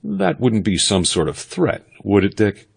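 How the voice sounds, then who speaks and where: A man voicing a suspicious, smooth male political advisor with a hearty, hail-fellow-well-met tone in an audiobook. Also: low-pitched, expressive, fairly quick. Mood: guarded.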